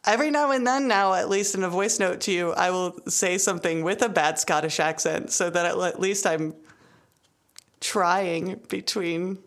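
A woman's voice: on the low side, normal speed. A woman co-hosting a podcast in casual chat, wry and self-deprecating. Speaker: podcast co-host.

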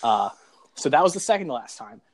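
A man's voice: fairly high pitch, sing-song, fairly quick. Young man in laid-back chat. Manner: laid-back, trades film quotes, laughs often. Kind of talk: casual chat.

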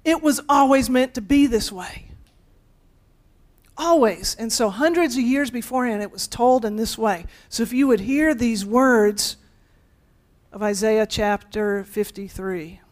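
A woman's voice: a little high, measured pace. A woman pastor delivering a conversational sermon, speaking directly to her congregation with playful asides.

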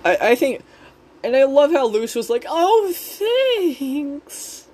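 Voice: medium pitch, animated, moderate pace, a little mellow. A speaker casually recapping a cartoon episode in a rambling, chatty way with frequent giggles. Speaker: show recap host.

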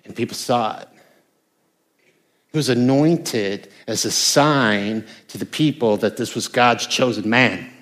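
A man's voice: medium pitch, slow, a bit bright. An older American man, a pastor, preaching a conversational sermon with emphatic bursts. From United States.

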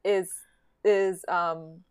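A woman co-hosting a podcast, talking things through in a reflective, halting way, often laughing between thoughts. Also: fairly low pitch, fairly even intonation, a crowd in the background. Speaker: podcast co-host. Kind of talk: casual chat.

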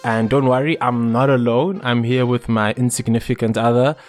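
A man co-hosting a podcast in relaxed, playful chat, sometimes half-singing song lyrics. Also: medium pitch, normal speed, faint music behind. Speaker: podcast co-host. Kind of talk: casual chat.

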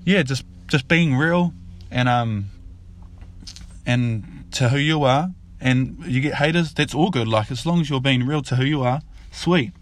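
A man's voice: mid-range voice, measured pace, no echo. A man, a father casually telling a fable and its lesson in a loose, rambling way. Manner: rambling, repeats himself, loose and informal. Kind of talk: casual spoken storytelling.

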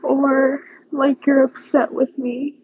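A young woman speaking an earnest, pleading personal prayer with a breathy voice. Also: high voice, little pitch movement, slow, a little mellow, dull audio, a little hiss or hum. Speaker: vlogger praying aloud.

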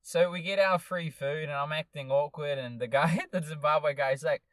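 A young man co-hosting a podcast, telling an animated story with plenty of swearing and acted-out quotes. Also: on the high side, normal speed, no echo. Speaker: podcast co-host. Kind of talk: casual chat, storytelling.

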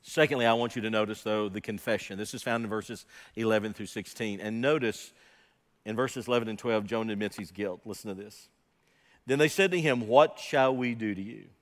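A man preaching a sermon emphatically, firing rhetorical questions and swinging from quiet asides to loud, raised passages. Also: fairly low pitch, a little fast. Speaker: pastor. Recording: long hall reverb.

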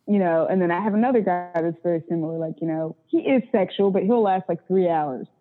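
The recording has a thin, phone-like quality. A woman with a lowish voice speaks fairly quickly as an interview guest, sharing frank, casual tales of her phone sex work with plenty of profanity and bluntness, doing impressions of the callers.

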